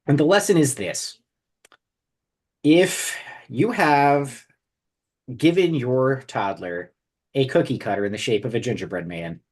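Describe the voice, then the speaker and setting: A husky man on a video call whose pitch rises and falls a lot. He tells his story in a wry, mock-solemn way, as casual podcast chat. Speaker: podcast co-host.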